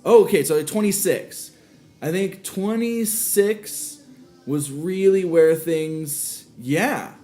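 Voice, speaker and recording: A man's voice: high voice, slow, warm tone. Emotional rambling male podcast host. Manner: rambling, emotional, swears, restarts often. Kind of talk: casual solo podcast monologue. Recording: roomy echo with faint music.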